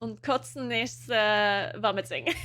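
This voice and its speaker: A woman's voice: a little high, expressive, unhurried, bright, forceful tone. A young woman with a German accent, a native German speaker, chatting casually with viewers on a live stream and laughing often.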